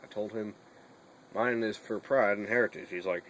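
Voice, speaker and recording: A man's voice: fairly low pitch, steady tone, normal speed, a bit bright, a little hiss or hum, poor audio. A young man chatting casually in a bedroom vlog, rambling and swearing a lot between fillers. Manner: rambling and profane, with many fillers.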